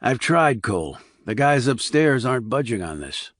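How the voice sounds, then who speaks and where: A man reading the part of a calm, blunt male army investigator, terse and level. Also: medium pitch, moderate pace, no echo, clean studio sound. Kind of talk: audiobook character reading.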